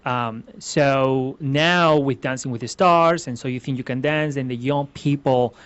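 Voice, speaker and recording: A man's voice: medium pitch, a little slow, a bit bright, smooth. A man from Venezuela, a ballroom dance instructor answering interview questions earnestly, explaining step by step with many restarts. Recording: slightly muffled lo-fi sound.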